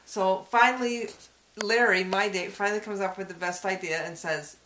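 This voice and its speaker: A woman's voice: medium pitch, fairly even intonation, normal speed, a bit bright. A woman telling a personal story in a folklore interview, chuckling often as she goes. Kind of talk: casual personal anecdote. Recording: echoey room.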